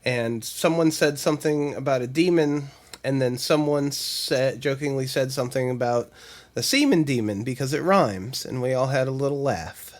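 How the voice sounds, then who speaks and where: A man's voice: mid-range voice, moderate pace. A man co-hosting a podcast, chatting casually and laughing his way through stories. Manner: laughs while telling stories. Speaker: podcast co-host. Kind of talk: casual chat.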